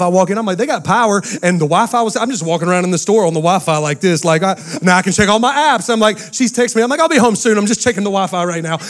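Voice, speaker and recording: Man, pastor, high voice, lively sermon storytelling, call-and-response with the crowd. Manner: lively storytelling, calls out to the congregation. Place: church sanctuary with a live audience.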